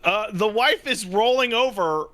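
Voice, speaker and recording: A young adult man co-hosting a podcast in casual chat, an animated storyteller who acts out his quotes. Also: high voice, measured pace. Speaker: podcast co-host. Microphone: studio podcast mic.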